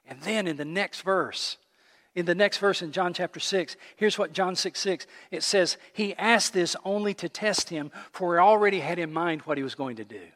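Animated high-voiced male pastor preaching. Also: normal speed, in a large hall. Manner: animated storytelling, rhetorical questions to the congregation. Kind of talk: sermon.

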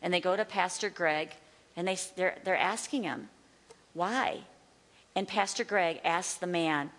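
A woman's voice: on the low side, a little slow, fairly bright tone. Emphatic woman teaching in a reverberant hall. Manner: emphatic, repeats key phrases. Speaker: Bible teacher. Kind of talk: sermon-style teaching.

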